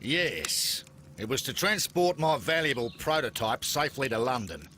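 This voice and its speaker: Haughty Australian businessman in a game; bright, animated, impatient. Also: mid-range voice, normal speed, slight background noise. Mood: brusque. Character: brusque wealthy male businessman engineer. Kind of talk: video game voice acting.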